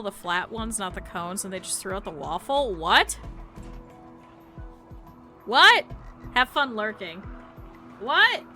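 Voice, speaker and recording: A woman streaming a game, rambling casually and bursting into loud excited outbursts. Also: medium pitch. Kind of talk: casual gaming stream chat.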